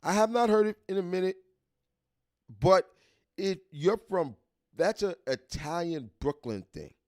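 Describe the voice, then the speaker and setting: His voice is high-pitched and expressive, his pace unhurried. A New Yorker with the accent to match, he chats casually on a live stream while reading a list, often repeating himself and starting sentences over.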